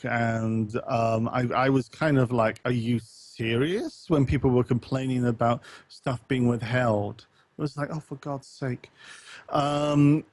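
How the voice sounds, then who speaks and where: A man's voice: mid-range voice, dry recording. A man hosting a podcast, reading out chat comments and asking questions in a hesitant, casual way full of restarts. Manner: hesitant, many ums and restarts, reads chat comments aloud. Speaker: podcast host.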